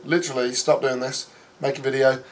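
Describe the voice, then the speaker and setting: A man's voice: mid-range voice, level tone, fast, slight background noise. A British man hosting a casual gaming podcast, teasing and sarcastic in his banter. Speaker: podcast host.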